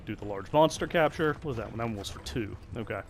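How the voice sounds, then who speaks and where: A man's voice: lowish voice, animated, fast talker, soft background music. Chatty man narrating a video game. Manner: chatty, self-deprecating, frequent restarts. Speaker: let's play host. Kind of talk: casual gameplay commentary.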